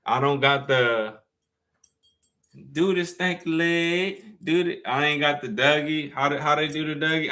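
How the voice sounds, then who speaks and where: Live on stream, a young man at medium pitch spins a story for his viewers with lively, slang-heavy, profane energy, reading their chat out loud as he goes.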